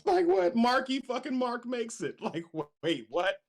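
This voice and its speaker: A man's voice: extremely high pitch, very animated, moderate pace. A man hosting a casual podcast, swearing freely and joking with his friends. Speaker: podcast host. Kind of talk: casual chat.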